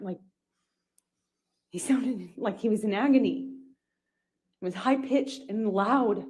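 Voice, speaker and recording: A woman giving courtroom testimony in a halting way, with many restarts and pauses. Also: medium pitch, dark tone. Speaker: witness testifying.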